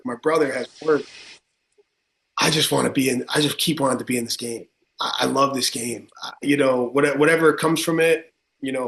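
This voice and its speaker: A man with a tri-state accent talks in an emphatic, energetic run with many fillers, answering questions as a football coach. His middle-pitched voice rings in a roomy, echoing space. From Connecticut. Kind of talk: podcast interview. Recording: roomy echo.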